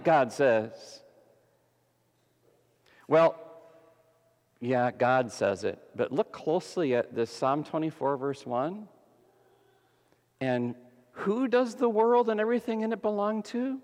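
A man preaching a sermon as pastor, dramatic, swinging between loud emphasis and hushed softness. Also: fairly high pitch, takes it slowly, long pauses. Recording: long hall reverb.

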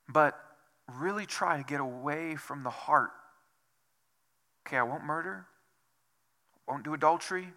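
A man's voice: fairly high pitch, a little slow, long pauses, pushed and bright. A man preaching a sermon as pastor, asking rhetorical questions over and over and dropping to a whisper for emphasis. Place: church.

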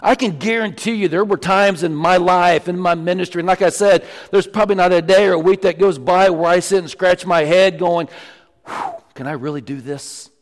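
A man preaching a sermon in a church sanctuary. His voice sits a little high for a man, and it rings through a long, echoing reverb. He is emphatic and often drops low and quiet to stress a point. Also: fairly even intonation, a little fast, few pauses. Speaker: pastor.

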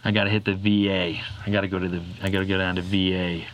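A man co-hosting a podcast, trading quick, chummy replies in casual chat. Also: low-pitched, flat delivery, a bit bright, rough recording. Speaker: podcast co-host.

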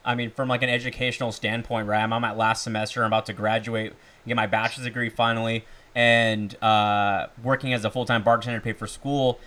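A man's voice: lowish voice, level tone, pushed and bright. A man in his twenties, a student and bartender, chatting casually as a podcast guest and telling stories with lots of "like" and "literally". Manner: chatty, fast storytelling with "like" and "literally".

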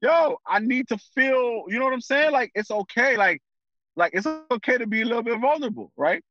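A man speaking as a guest in a casual conversation, animated and full of slang, often thinking aloud with fillers. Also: very high-pitched, fairly quick, dull audio.

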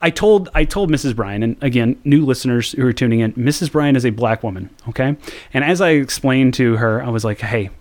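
Profane, animated American podcast host. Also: male voice, mid-range voice, brisk. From United States. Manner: animated storytelling, frequent swearing. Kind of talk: casual profane podcast chat.

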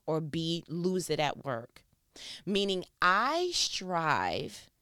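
New woman talking church stuff, animated, jumps high then drops low, dry close sound. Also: no room sound. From New York. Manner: animated, swings between high mock voices and low confiding asides. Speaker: speaker on faith and church life. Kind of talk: casual monologue.

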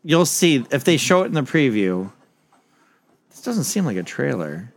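A man's voice: mid-range voice, sing-song, moderate pace. Man casually recapping a movie. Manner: loose recapping with filler words like "like" and laughs. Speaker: podcast host. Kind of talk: casual film review chat.

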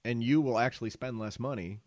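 A man's voice: mid-range voice, a little fast, a little mellow, no echo, studio quality. A man co-hosting a podcast in casual chat, quizzing the others and steering the talk. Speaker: podcast co-host.

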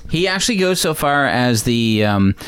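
Man with a smooth, clear voice. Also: mid-range voice, moderate pace. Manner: relaxed, corrects names and details. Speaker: podcast co-host. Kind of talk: casual movie recap chat.

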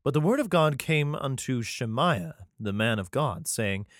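A man reads archaic verses aloud, his voice rising and falling with lively swings of pitch. He keeps breaking off to mock the text in crude, irreverent asides, and now and then he trips over the old wording. The sound is close and dry, with no room around it. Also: unhurried, no echo. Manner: irreverent, profane interjections between archaic verses; stumbles and restarts while reading. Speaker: reader and commentator. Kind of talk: comedic scripture reading with asides.

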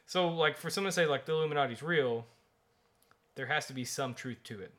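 A man's voice: fairly high pitch, fairly even intonation, normal speed, sharp tone. A man around thirty, co-hosting a podcast in a rambling, jokey way. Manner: rambling, jokey, laughs often. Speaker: podcast co-host. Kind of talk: casual chat.

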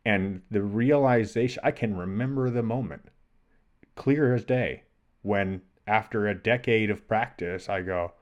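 A man's voice: on the low side, unhurried. A middle-aged man, a podcast co-host, telling a thoughtful personal story and acting out the voices in his head. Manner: thoughtful, acts out inner voices while telling stories. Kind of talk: reflective conversational storytelling.

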